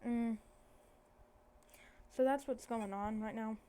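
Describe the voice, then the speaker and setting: A woman's voice: on the high side, steady tone, slow pace, warm tone, clear, resonant tone. A woman casually telling a made-up fan story, rambling and correcting herself as she goes. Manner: rambling, self-correcting, many fillers.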